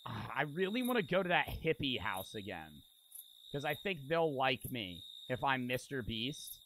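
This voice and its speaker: A man's voice: medium pitch, very animated, moderate pace, a bit bright, a little hiss or hum. A young man streaming a game, muttering offhand comments and swearing casually.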